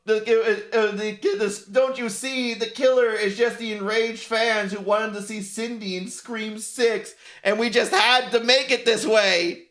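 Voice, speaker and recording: A man putting on the voice of a smug, self-pitying male screenwriter, in a shrill, whiny, exaggerated mockery. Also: fairly even intonation, unhurried, hardly any pauses, fairly bright tone.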